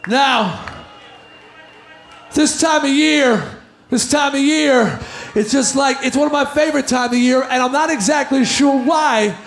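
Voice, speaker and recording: A rock singer telling a rowdy shouted story to a live audience. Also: male voice, very high-pitched, echoey room, a little hiss or hum. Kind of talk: shouted stage monologue.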